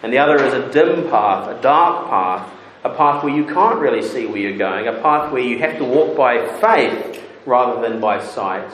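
A man's voice: medium pitch, reverberant, a little hiss or hum, poor audio. A male preacher giving a sermon, explaining a point plainly and then building to rising, insistent rhetorical questions.

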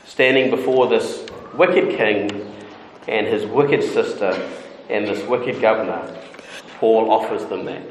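A man preaching an expository sermon in an earnest, emphatic way, with dramatic pauses. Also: medium pitch, slight background noise. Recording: echoey hall with long reverb.

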